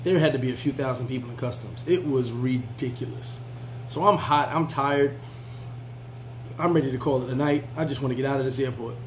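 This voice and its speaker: A man's voice: mid-range voice, brisk, slight background noise, rough recording. A man telling a travel story in a casual, laid-back way, full of fillers and restarts. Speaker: travel vlogger.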